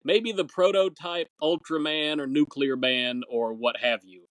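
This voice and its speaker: A man's voice: fairly high pitch, steady tone, a little slow, fairly bright tone, dry recording, poor audio. A man co-hosting a podcast, chatting casually about an old film serial, rambling and searching aloud for words. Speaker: podcast co-host. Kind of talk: casual chat.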